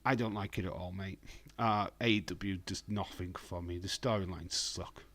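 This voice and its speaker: A man with a hoarse voice, hosting a casual live stream from home and talking in a blunt, rambling way. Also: sits low, steady tone, moderate pace, fairly bright tone. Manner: blunt, rambling, profane, reads chat aloud.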